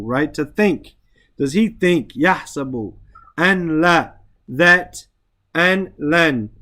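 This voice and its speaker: Guy teaching quran arabic class, patient, recites then explains, kinda high voice. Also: bright, forceful tone. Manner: explains patiently with frequent "right?" checks. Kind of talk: classroom grammar lesson.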